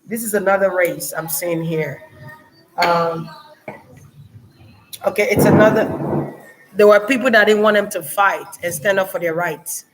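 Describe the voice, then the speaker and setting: Slow-talking woman musing through a spiritual reading. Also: mid-range voice, a little hiss or hum, poor audio. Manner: slow, musing, with frequent fillers and restarts. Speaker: spiritual channeler. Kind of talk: casual spiritual reading vlog.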